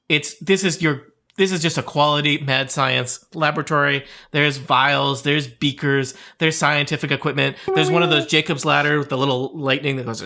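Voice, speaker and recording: Game master, male, bright and slightly high, jokey narration with frequent chuckles. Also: fairly even intonation, normal speed, creaky, few pauses. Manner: joking, chuckling often between descriptions.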